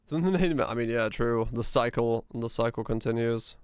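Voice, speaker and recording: Smooth-voiced joking male game streamer. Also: mid-range voice, normal speed, no room sound. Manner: rambling, joking, muttering to himself; hums and sings nonsense tunes. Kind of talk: casual live-stream chatter.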